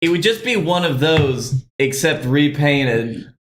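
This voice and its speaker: Laid back podcast dude talking sauces, kinda high voice, roomy echo. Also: male voice, takes it slowly, slight background noise. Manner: relaxed, agreeable, reads sauce notes calmly. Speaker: podcast co-host. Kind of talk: casual hot-sauce challenge chat.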